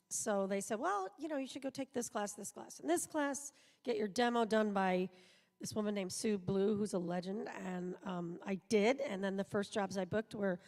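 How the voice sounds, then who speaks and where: Chatty woman, gravelly voice, echoing auditorium. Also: mid-range voice. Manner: chatty, rambling anecdotes with quoted voices. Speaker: voice actor guest. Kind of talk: live panel interview. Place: large convention auditorium. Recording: live hall sound, long reverb.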